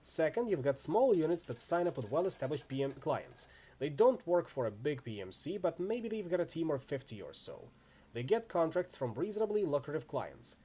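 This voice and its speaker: A man's voice: a little high, mellow, slightly rough. A man voicing a brash, tough female mercenary in a game reading, telling stories in a chatty, wry way.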